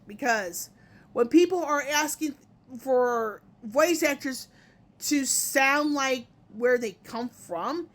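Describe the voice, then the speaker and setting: A woman hosting a casual gaming opinion vlog, talking in a rambling way and often stopping to correct herself. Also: sits high. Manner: rambling, self-correcting, many fillers. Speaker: gaming video host.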